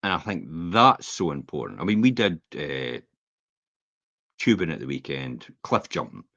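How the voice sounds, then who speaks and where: A man's voice: a bass voice, moderate pace, gravelly, no echo. A middle-aged Scottish man co-hosting a podcast, chatting casually and telling rambling stories with acted-out quotes. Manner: rambling, animated storyteller who acts out quotes. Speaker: podcast co-host. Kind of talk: casual chat, anecdotal storytelling. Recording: dull, slightly lo-fi podcast audio.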